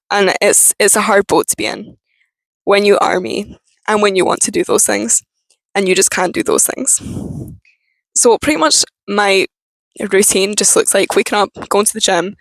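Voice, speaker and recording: A young woman with a Scottish accent, talking frankly and haltingly in a personal vlog. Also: mid-range voice, no room sound, low-quality recording. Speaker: vlogger.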